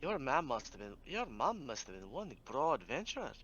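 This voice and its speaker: A man's voice: mid-range voice, very animated, normal speed, a bit bright, muffled recording, slight background noise, pitched above the performer's own voice. A man voicing a big, bluff male adventurer with a burr, hearty and rambling politely. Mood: teasing.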